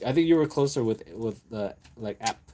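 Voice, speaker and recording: A man hosting a casual livestream, rambling through random topics with viewers, laughing often and brainstorming out loud. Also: medium pitch, slight background noise. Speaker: livestream host.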